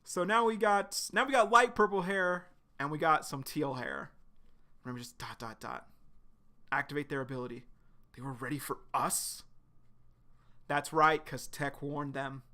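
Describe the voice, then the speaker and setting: A man streaming live, retelling a webcomic chapter in quick, casual narration with sudden excited outbursts. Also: on the high side. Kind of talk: live reading and reaction.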